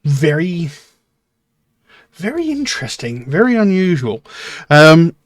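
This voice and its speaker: A man hosting a music reaction channel, thinking aloud in casual commentary, with many pauses and fillers as he muses over a track. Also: on the high side, big pitch swings, no echo.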